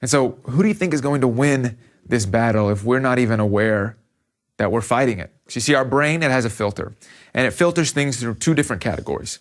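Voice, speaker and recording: A man preaching a youth sermon to teenagers in a conversational, animated storytelling way. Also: mid-range voice, a little fast. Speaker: youth pastor.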